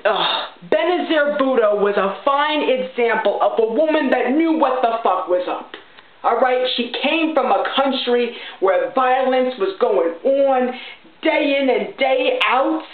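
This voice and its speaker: A brash, profane, chain-smoking middle-aged mom, as a woman puts her on, ranting bluntly and somewhat high-pitched. The sound is thin and phone-like, bouncing around an echoey room. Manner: blunt, ranting, profane, keeps saying okay. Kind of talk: character vlog monologue.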